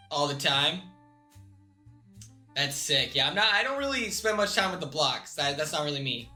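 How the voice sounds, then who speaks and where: A man's voice: fairly high pitch, sing-song, moderate pace, long pauses, sharp tone, faint music behind. A young man chatting casually on a live stream, laid-back and slangy, with restarts and laughs.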